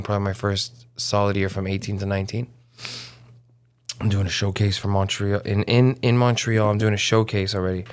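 A man, a comedian guest, telling animated stories in casual chat, swearing freely. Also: on the low side. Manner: animated, swearing, fast storytelling.

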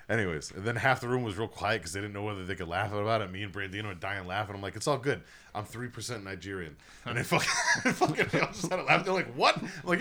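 Podcast host, young man, low voice, bright and lively, rambling profane storyteller. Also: fast. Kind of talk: casual storytelling chat.

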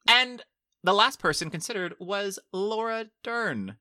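Chatty guy podcast host, super bright voice, dry close mic, lots of likes and restarts. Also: sits high, animated, measured pace, no room sound. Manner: chatty, rambling with many fillers and restarts. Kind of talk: casual film discussion.

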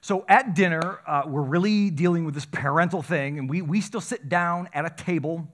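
A man, a middle-aged pastor, preaching a conversational sermon that grows animated and excited. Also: a little high, normal speed.

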